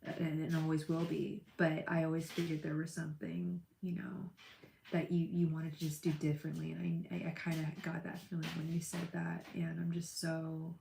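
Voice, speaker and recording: A woman's voice: low-pitched, completely flat delivery, normal speed, gravelly, warm tone, roomy sound, a little hiss or hum. A young woman chatting with viewers on a live tarot stream, gushing and emotional, calling people by name. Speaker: livestream tarot reader.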